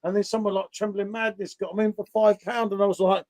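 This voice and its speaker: A high-pitched man hosting a beer chat, his tone mellow and his sound dry and close. He talks bluntly and swears freely, moving between stories and banter. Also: flat delivery, fast talker, dry recording. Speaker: beer channel host. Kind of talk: casual chat.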